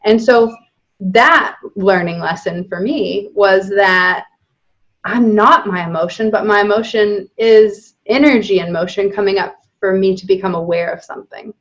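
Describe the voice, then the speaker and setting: Female guest, mid-pitched, open and animated with frequent laughs, somewhat dull recording. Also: a little slow. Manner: candid, animated, laughs often. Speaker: podcast guest. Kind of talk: casual spiritual conversation.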